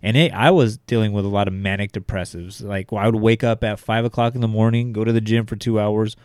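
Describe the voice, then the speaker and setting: A man with a fairly low voice chats casually as a podcast co-host. He sounds loose and profane as he rambles through his points. His tone is smooth and resonant, recorded close and dry. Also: fairly even intonation, fairly quick, darkish tone, dry recording. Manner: laid-back, profane, rambling. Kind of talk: casual chat.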